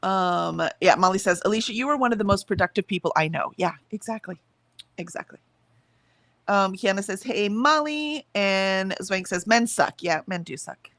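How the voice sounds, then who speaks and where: A woman's voice: mid-range voice, normal speed, fairly bright tone, no echo. A woman co-hosting a casual livestream, chatting emphatically, laughing easily, and reading out viewer comments. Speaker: livestream co-host.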